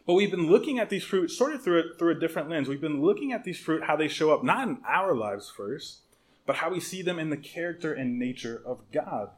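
A man preaching a sermon as pastor, telling stories in an animated, humorous way with conversational restarts and repeated words. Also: fairly high pitch, a little fast.

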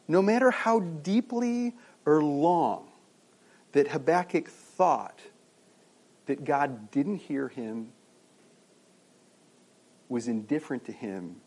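Guy preaching a sermon, pretty animated, voice swings up and down, talks casually and restarts his sentences a lot. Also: high voice. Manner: conversational preaching with many restarts and rhetorical questions. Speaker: pastor.

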